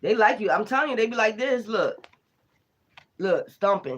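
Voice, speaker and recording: A tarot reader giving a casual spiritual reading, animated and laughing often, with heavy profane slang. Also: mid-range voice, moderate pace.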